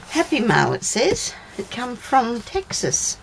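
With hardly any pauses, a middle-aged woman blogger talks her viewers through opening a parcel, exclaiming and thinking aloud. Her mid-range voice is gravelly and very animated, at normal speed. Background noise from her home fills the casual unboxing recording.

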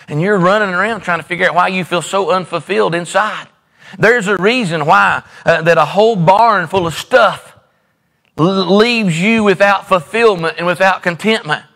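A middle-aged pastor delivers a sermon, hammering his points home through repetition and homespun stories. His voice sits high for a man and rings bright and forceful. He is preaching from a church sanctuary. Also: in a large hall. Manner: emphatic repetition, folksy storytelling.

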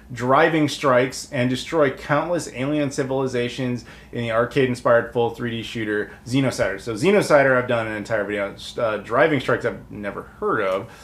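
A rambling American man talks his viewers through newly arrived packages in a casual, loose way. His voice sits at a middle pitch and rings a little in the room around him. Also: reverberant. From United States. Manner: chatty and rambling, with many fillers. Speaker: video game collector YouTuber. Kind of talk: casual unboxing talk to camera.

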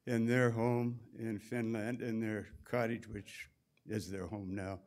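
A Canadian man in his seventies giving a memorial talk, telling wry, unhurried anecdotes. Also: fairly low pitch, flat delivery, darkish tone. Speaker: memorial speaker.

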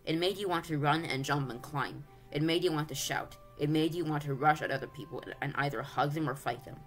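A reader narrating a children's fantasy novel aloud in a steady, clear manner. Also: medium pitch, a little fast, faint music behind. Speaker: audiobook reader. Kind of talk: storybook read-aloud narration.

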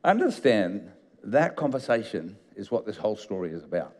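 A man's voice: lowish voice, normal speed, big-room sound. A man, a pastor, preaching a sermon in a chatty storytelling way and acting out the scenes he retells. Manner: conversational storytelling, animated retelling. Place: church auditorium.

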